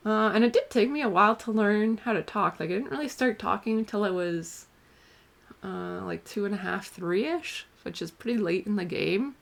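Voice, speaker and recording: A woman's voice: medium pitch, a bit bright. Woman rambling to her camera, giggles a lot, says like and um constantly, casual diary vlog. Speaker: vlogger. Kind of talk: casual confessional chat to camera.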